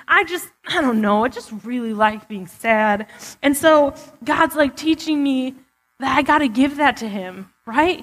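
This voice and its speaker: High-voiced and a bit bright, this woman speaks at a measured pace with lively intonation. She gives a candid, chatty personal testimony full of fillers in a church sanctuary, where long hall reverb lingers.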